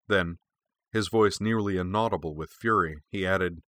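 A man narrating an audiobook in a measured, expressive reading. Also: deep voice, no echo.

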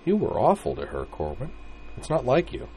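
A man's voice: a little high, expressive, normal speed, dark tone, husky, voice pushed up. A man voicing a friendly young woman who speaks in a hesitant, earnest way. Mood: concerned.

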